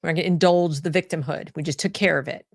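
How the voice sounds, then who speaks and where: A woman's voice: sits low, fairly even intonation, fast talker, creaky, dry recording, studio quality. A woman hosting an opinion commentary show, talking bluntly, often repeating words and restarting her sentences. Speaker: host.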